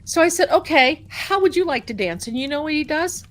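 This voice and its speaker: A woman hosting a tarot livestream, chatting casually and telling a personal story in an animated, amused way. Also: sits high, a little fast. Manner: chatty, animated, laughing at her own story. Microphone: desk mic at home.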